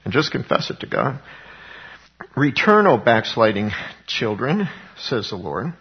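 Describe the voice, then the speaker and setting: A male pastor delivers an earnest sermon, leaning into key words with rising emphasis. His voice has a husky edge, and the recording sounds dull and lo-fi. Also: fairly low pitch, sing-song, moderate pace.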